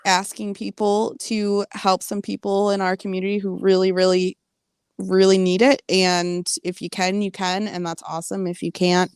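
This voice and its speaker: Young woman on a podcast, eager and giggly, middle pitch, dry mic. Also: flat delivery, normal speed, clear, resonant tone, no room sound. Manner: laughing, enthusiastic. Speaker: podcast co-host. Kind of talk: casual chat.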